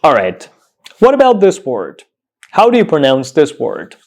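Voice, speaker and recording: Lively man drilling English pronunciation. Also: on the high side. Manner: repeats each word several times, slow emphatic drilling. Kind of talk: online pronunciation lesson.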